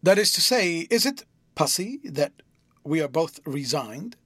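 A man's voice: very animated, a little slow, a bit bright, husky, dry recording, exaggerated voice. A man voicing an impatient, sulky young engaged man who talks in a grumbling, clipped way. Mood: grumbling, teasing. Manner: grumbling, slightly lower and clipped.

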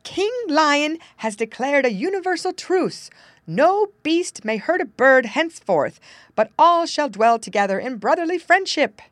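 A cunning male fox from a storybook, as a woman reader puts him on, all smooth coaxing and eager flattery. The voice sits high and swoops about in lively tones. The sound is close and dry. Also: unhurried, no echo. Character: sly scheming male fox. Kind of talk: storybook reading.

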